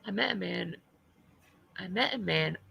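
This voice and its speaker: A woman's voice: on the low side, lively intonation, unhurried, gravelly, sharp tone, breathy edge, poor audio. Blunt, foul-mouthed woman streamer. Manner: blunt, profane, laughing. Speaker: livestream host. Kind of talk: casual livestream chat.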